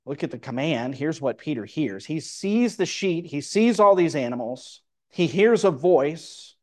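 A man's voice: on the high side, expressive, measured pace, a little mellow. A man preaching, explaining a Bible passage verse by verse and reading scripture aloud. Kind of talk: Bible teaching sermon.

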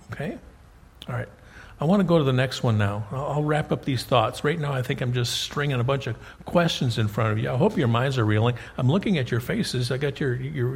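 A man's voice: mid-range voice, gravelly, husky. A middle-aged man preaching a conversational sermon to a congregation, often repeating words and checking in with his listeners. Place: church hall. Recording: hall reverb.

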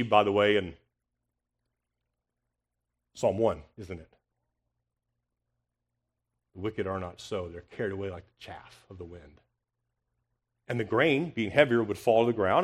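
Here the medium-pitched man preaches an expository sermon with a confrontational edge, leaning on rhetorical questions. His delivery alternates between loud stresses and quiet, hushed passages.

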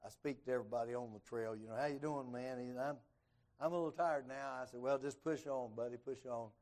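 A preacher with a drawl works his way through an evening sermon, folksy and conversational. His voice sits at a medium pitch. He leans into the quoted lines, so the talk keeps a lively storytelling feel. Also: fast talker. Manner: folksy storyteller who acts out quoted dialogue with rising, lively voice.

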